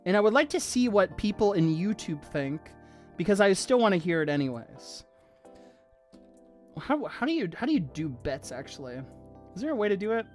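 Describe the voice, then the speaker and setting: A streamer chatting casually on a livestream, gushing excitedly and swearing freely, with faint music behind. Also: mid-range voice, normal speed.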